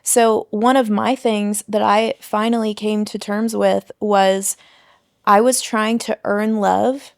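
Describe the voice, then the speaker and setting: Creaky-voiced woman hosting a podcast. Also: medium pitch, fairly even intonation, slow pace, dry recording, clean studio sound. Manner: reflective, shares her own experience. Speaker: podcast host. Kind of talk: interview conversation.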